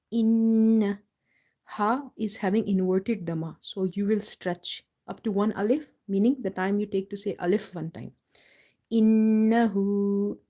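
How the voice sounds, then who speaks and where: A woman teaches recitation in a live online class, spelling each word out letter by letter before reading it back whole. Her voice is mellow and sits at a middle pitch.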